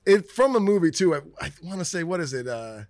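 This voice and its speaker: Hombre relajado en charla informal, voz algo aguda. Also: male voice, fairly high pitch, a little fast, no room sound, clean studio sound. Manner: laughs along, relaxed banter. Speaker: podcast co-host. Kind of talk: casual chat.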